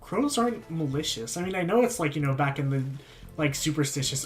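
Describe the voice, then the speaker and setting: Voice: medium pitch, lively intonation, fairly quick. A streamer chatting casually with viewers between game lines, rambling with fillers and apologies. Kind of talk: casual live-stream chat.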